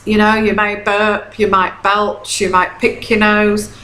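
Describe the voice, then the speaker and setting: A woman's voice: medium pitch, flat delivery, unhurried, sharp tone. A woman, a tarot reader giving casual advice in a chatty, repetitive way and often checking in with "okay?". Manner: chatty, repeats herself, frequent "okay?" checks. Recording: echoey room.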